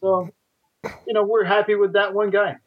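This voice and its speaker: A man with a fairly high voice, a catch wrestling teacher chatting as a guest. He talks haltingly and leans on fillers and repeated starts. The sound is dry and dull, like a lo-fi line. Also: level tone, no echo. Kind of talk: casual podcast chat.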